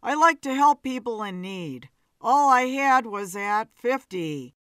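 In a storybook reading, a woman plays a prim, fussy gentleman who speaks politely and a little plaintively. The delivery is slow and unhurried, and the recording sounds close and dry. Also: on the high side, expressive, clean tone, dry recording. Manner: polite, slightly whiny. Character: fussy bespectacled man in bow tie.

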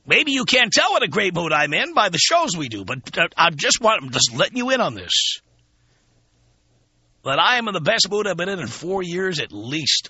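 A man's voice: sits high, pushed and bright, breathy edge, lo-fi sound. A man hosting a radio talk show, talking to listeners in a sardonic, profane, self-mocking monologue from a studio. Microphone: studio microphone.

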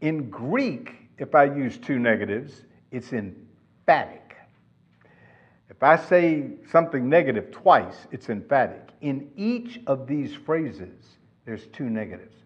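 A man's voice: mid-range voice, sing-song, slow, breathy edge. A man preaching a sermon, emphatic and asking his listeners questions. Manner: emphatic, asks the congregation questions. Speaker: pastor. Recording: dull lo-fi sound.

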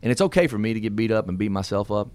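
A man's voice: fairly low pitch, expressive, rapid-fire, darkish tone. A middle-aged man hosting a radio talk show, telling personal stories in a folksy way with laughs. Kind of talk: casual storytelling talk. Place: radio studio.

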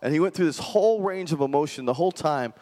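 Male pastor, conversational sermon, slightly high voice, long hall reverb. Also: lively intonation, fast talker, dark tone. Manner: conversational preaching, asks the congregation questions.

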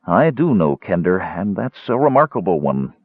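A man voicing a stern but gentle male cleric with formal, measured speech, on a tinny narrow-band recording. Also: deep voice, big pitch swings, slightly rough, no echo, exaggerated voice. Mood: solemn.

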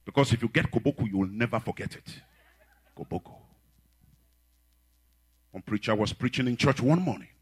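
A man delivers a sermon with a bright, somewhat husky voice. His pitch climbs and falls in a lively way. He swings from shouted, chanted refrains down to low, quiet storytelling. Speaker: preacher.

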